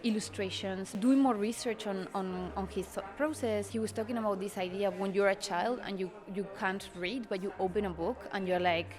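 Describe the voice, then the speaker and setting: A woman's voice: mid-range voice, brisk, hardly any pauses. A female fashion designer explaining her collection thoughtfully in an interview, with many fillers. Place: busy showroom at a cultural institute. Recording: showroom with clear crowd chatter.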